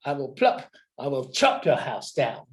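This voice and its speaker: A man's voice: big pitch swings, a little slow. A man reading a picture book aloud and voicing a hungry, whining little wolf brother. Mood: boastful. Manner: whining, high and drawn out.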